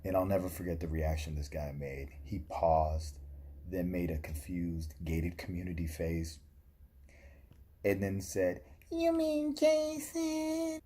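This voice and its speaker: Deep husky man telling a story. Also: fairly even intonation, measured pace, dark tone. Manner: dry, comic storytelling. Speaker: vlogger. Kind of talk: casual storytelling.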